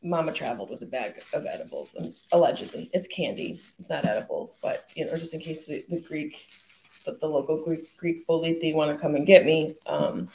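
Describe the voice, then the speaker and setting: Woman, podcast host, lowish voice, casual profane rambling, roomy echo. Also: brisk, darkish tone, slight background noise. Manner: chatty, profane, jokey rambling. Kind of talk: casual solo podcast chat.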